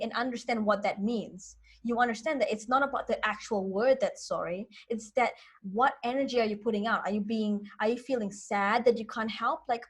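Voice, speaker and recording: A young woman speaking straight to camera as a self-help coach, earnest and explanatory, acting out example phrases as she goes. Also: on the high side. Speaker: social anxiety coach. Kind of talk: direct-to-camera advice talk.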